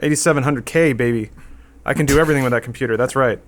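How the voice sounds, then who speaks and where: A man's voice: medium pitch, very fast. A man in his thirties hosting a casual gaming podcast, talking in a loose, rambling way with lots of fillers. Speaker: podcast host.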